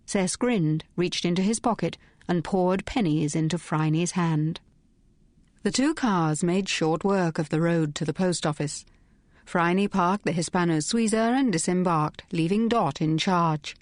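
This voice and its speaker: A woman narrating an audiobook with measured, clear storytelling. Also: on the low side, darkish tone, dry recording. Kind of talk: scripted narration.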